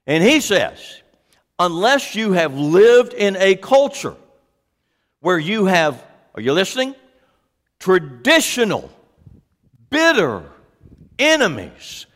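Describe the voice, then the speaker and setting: A male pastor delivers a sermon in a high voice that swings widely up and down. He takes his time, leaning on each phrase and turning to his listeners with questions. A long hall reverb trails every word. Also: slow pace, long pauses. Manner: animated, asks the congregation questions.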